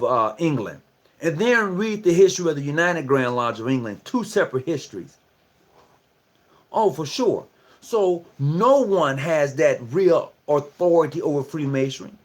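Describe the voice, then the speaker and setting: Here a man with a slightly high voice speaks informally to fellow Masons during a livestream lecture. He tends to preach, says the same phrases more than once, and throws out rhetorical questions while keeping a conversational feel.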